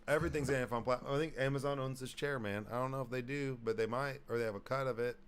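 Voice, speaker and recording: A man's voice: mid-range voice, steady tone, fast talker, a little hiss or hum. A man co-hosting a podcast in casual, rambling chat that wanders into tangents and swears freely. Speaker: podcast co-host.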